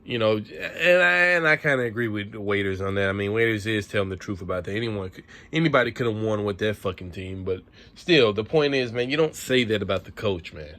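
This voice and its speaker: A sports vlogger rants to camera, frustrated and profane, repeating himself as he vents his commentary. His voice is on the low side and sharp, fairly quick, with lively intonation.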